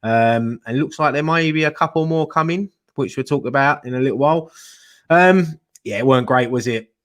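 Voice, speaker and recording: A man's voice: medium pitch, fairly quick, fairly bright tone. A man hosting a live fan chat show, joking and laughing a lot as he leads the talk. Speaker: host.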